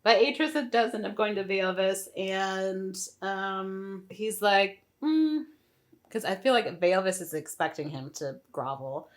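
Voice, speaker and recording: A woman's voice: medium pitch, a little slow, hardly any pauses. A woman co-hosting a casual book club podcast, animatedly retelling the plot and acting out characters' lines. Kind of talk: casual chat.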